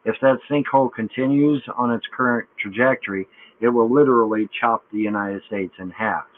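A man's voice: medium pitch, a little fast, dry recording. Rambling man on a tinny chat line. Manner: rambling, joking. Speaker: chat room host. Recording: tinny online chat-room audio.

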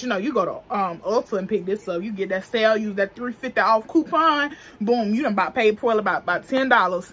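With a mid-range, somewhat bright voice, this young adult beauty vlogger chats through a casual makeup review in African American Vernacular English. Her talk is slangy and profane, full of frequent laughter, with slight background noise.

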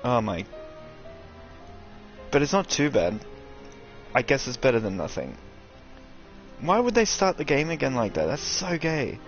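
A young man doing casual, sweary commentary over a video game, ranting and excitable. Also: mid-range voice, measured pace, pauses often, dull audio, faint music behind. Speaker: gaming streamer.

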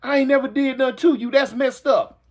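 Brief: man voicing dazed, hurt gambler, whiny protest, high voice. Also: steady tone, a little fast. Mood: aggrieved. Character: slapped man, dazed and aggrieved.

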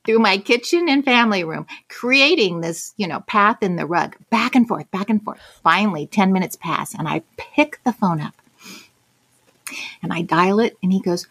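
A woman's voice: mid-range voice, lively intonation, moderate pace, fairly bright tone, slightly rough. A middle-aged woman telling a personal anecdote as a guest, acting out the quoted lines expressively. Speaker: guest storyteller.

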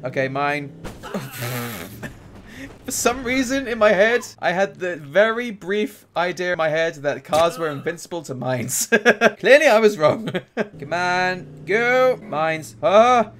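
A man commentating a video game as he plays, excitable, often laughing, groaning and cheering. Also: on the high side, slow pace. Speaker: gaming YouTuber. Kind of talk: let's play commentary.

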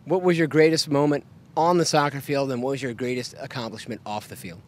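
A man hosting a sports interview, firing off brisk, teasing questions. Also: medium pitch, steady tone, darkish tone. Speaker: interview host. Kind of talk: quick-fire interview questions.

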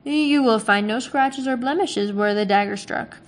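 A cautious traveling trader, voiced by a woman reading aloud, lays things out in a grave, measured way. This is storybook narration with plain dialogue and no heavy character voice. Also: on the high side, close to an everyday voice.

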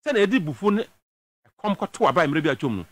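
Emphatic Ghanaian man, lively high voice. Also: fast talker, no echo. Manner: emphatic, mixes local language with English. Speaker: political commentator. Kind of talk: heated political talk-show commentary.

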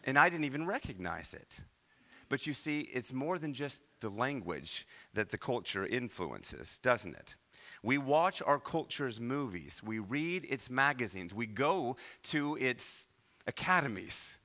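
A man from Iowa preaching a sermon as pastor, with animated delivery and many rhetorical questions. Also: medium pitch, unhurried. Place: church.

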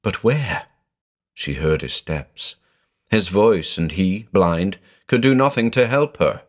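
Deep-voiced man narrating horror slowly. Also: expressive. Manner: dramatic, measured storytelling.

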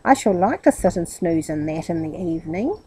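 A woman's voice: fairly low pitch, animated, brisk, warm tone, slightly rough. A woman voicing a fussy, meddling man who chatters and exclaims to himself. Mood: pleased.

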